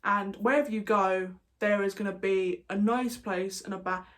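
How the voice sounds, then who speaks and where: A woman's voice: medium pitch, fairly even intonation, normal speed, a bit bright. A British woman chatting casually to camera, rambling and jokey, going off on tangents. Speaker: YouTuber. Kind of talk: casual vlog chat.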